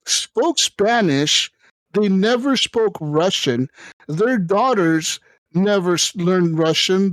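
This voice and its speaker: Excited, profane man telling a story. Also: fairly high pitch, dry recording, low-quality recording. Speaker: podcast host. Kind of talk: casual chat.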